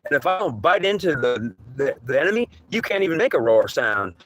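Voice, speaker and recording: A man's voice: a little high, sing-song, a little fast, a bit bright, dry recording, poor audio. A man giving a rambling spiritual talk, often restarting and repeating himself while acting out dialogue. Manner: rambling, repetitive, acts out dialogue. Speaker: spiritual teacher.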